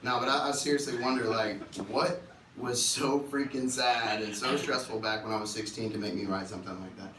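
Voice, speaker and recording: Between songs, a man onstage tells humorous stories in a lively, joking manner, putting on voices as he goes. His mid-range voice runs a little fast, and the live room is echoey, distant, and has background noise.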